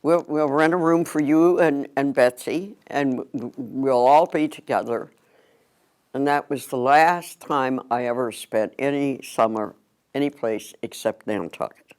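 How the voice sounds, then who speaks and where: An older man reminiscing slowly and reflectively in an interview. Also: mid-range voice, smooth. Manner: slow, reflective.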